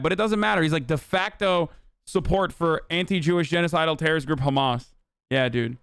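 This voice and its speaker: A man's voice: on the high side, brisk, a bit bright, clear, resonant tone, dry recording. A young man streamer ranting heatedly and profanely in live-stream commentary, reading posts and mocking them.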